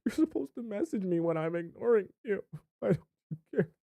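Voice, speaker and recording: A man's voice: high-pitched, sing-song, brisk, vocal fry, warm tone, no echo, pitched above the performer's own voice, heavily acted. A needy young man whines and pleads for attention, as a man puts him on. His voice climbs well above normal and sounds strained and insistent. It is recorded close and dry. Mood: whiny. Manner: pleading, whining.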